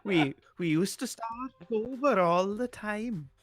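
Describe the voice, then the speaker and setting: A man's voice: sits high, animated, slow, voice pushed up, heavily acted. A man voicing a young woman in a fluffy monster suit, in a jokey, sing-song mock Welsh accent that slips toward Geordie and Swedish. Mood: sheepish.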